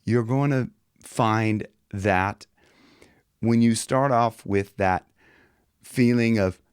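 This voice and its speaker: A man teaching singing in a loose, chatty way, slipping into high demonstration voices. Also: slow pace, clean tone, no room sound, studio quality. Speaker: vocal coach. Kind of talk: casual singing lesson.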